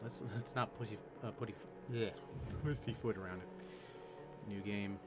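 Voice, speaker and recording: A man's voice: on the low side, steady tone, moderate pace, over music. A young man streaming a horror game, chatting casually in a rambling, jokey, self-deprecating way. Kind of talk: casual let's play commentary.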